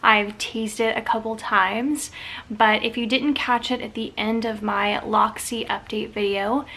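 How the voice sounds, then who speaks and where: A woman's voice: fairly high pitch, a bit bright. A middle-aged woman, chatting casually in a vlog, rambling with fillers and restarts. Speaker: vlogger.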